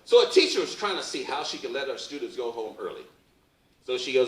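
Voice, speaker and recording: A man's voice: mid-range voice, big pitch swings, a little fast. A man doing a loose, joking stand-up comedy set on a live stage, asking the crowd questions. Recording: roomy live venue from far off.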